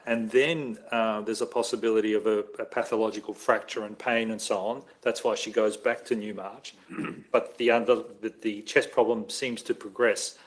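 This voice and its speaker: A man's voice: on the low side, poor audio. An Australian man giving expert medical testimony at an inquest, hesitant and correcting himself as he thinks aloud.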